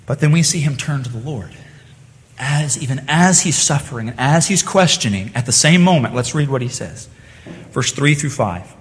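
A man's voice: medium pitch, expressive, normal speed, long reverb tail. A man preaching a sermon, earnest in tone, rising to impassioned cries when he voices the psalmist's pleas. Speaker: pastor.

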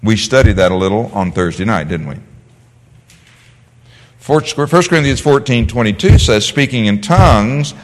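Animated male Bible teacher in a reverberant hall. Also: on the low side, moderate pace. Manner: animated, asks the class questions and answers them.

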